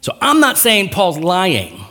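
A man's voice: high voice, slow. A man preaching a sermon in a casual, conversational way, with slang asides and acted-out quotes from scripture. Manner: animated, acting out biblical quotes in raised voice. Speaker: pastor.

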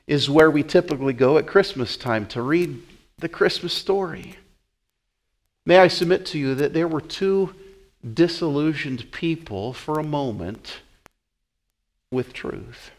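A man preaching a sermon in an animated way, often repeating words as he acts out the scene. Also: a little high, slow pace, pauses often.

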